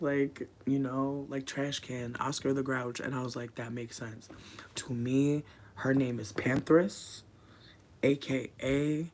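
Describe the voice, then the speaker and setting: Rambling, profane livestreamer. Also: mid-range voice. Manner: rambling, profane, drifts between quiet mutters and loud bursts. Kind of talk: casual livestream chat. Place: room at home.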